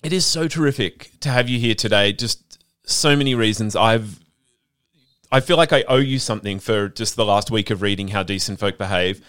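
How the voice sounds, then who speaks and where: A man's voice: lowish voice, normal speed, fairly bright tone, clear, resonant tone, no echo, studio quality. A man hosting a radio interview, effusive and openly emotional as he reads a scripted intro and then chats. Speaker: podcast host.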